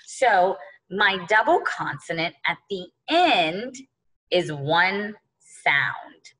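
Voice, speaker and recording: A woman's voice: mid-range voice, fairly bright tone, poor audio. A woman teaching an early-grade phonics lesson, patiently sounding out words letter by letter and speaking to the children as boys and girls.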